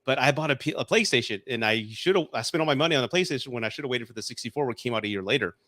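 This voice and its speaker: A man's voice: medium pitch, expressive, very fast, pushed and bright, no echo. A man in his forties, a guest on a casual podcast chat, telling nostalgic stories with many restarts. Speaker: guest reviewer.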